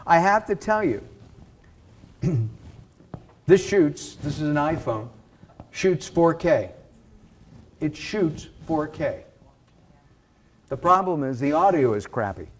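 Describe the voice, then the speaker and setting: A man giving a casual live sales pitch for his coaching to an audience, talking in an animated way with fillers and restarts. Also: takes it slowly, long pauses. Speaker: video and speaking coach.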